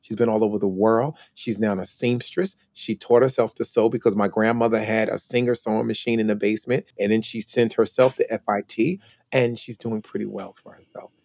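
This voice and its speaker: A reflective man in his sixties tells stories of his family as a podcast guest, now and then taking on the voices of the people he quotes. His voice sits low. The sound is close and dry, with no room around it. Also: fairly even intonation, fairly quick, creaky, a little mellow, no echo. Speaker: podcast guest, retired police officer. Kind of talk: storytelling interview talk.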